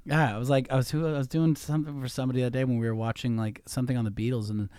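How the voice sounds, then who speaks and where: A man's voice: mid-range voice, little pitch movement, very fast, dark tone, clean tone, no echo, clean studio sound. A man hosting a casual podcast, who laughs often and leans on the filler "like" as he talks. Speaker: host.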